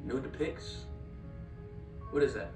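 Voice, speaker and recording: A young man being interviewed, answering in a loud, incredulous way with quick retorts. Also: mid-range voice. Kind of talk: bewildered interview banter. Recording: roomy clip audio from a distance, music.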